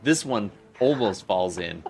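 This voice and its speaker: A man's voice: lowish voice, unhurried, creaky, soft background music. A man running a tabletop game as game master, describing the action animatedly. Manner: animated, vivid scene-setting with frequent laughter.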